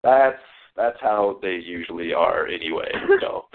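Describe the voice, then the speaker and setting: A man's voice: sits low, expressive, measured pace, gravelly. A man being interviewed in a casual online chat, joking and easily sidetracked, heard over a call. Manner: joking, easily distracted, playful. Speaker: interviewee, Let's Play creator. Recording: tinny phone-like call audio.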